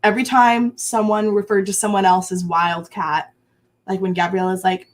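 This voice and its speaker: Lively young woman in her twenties. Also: mid-range voice, moderate pace. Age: 20s. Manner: animated, lively storytelling with frequent laughs. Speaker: guest. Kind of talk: casual chat.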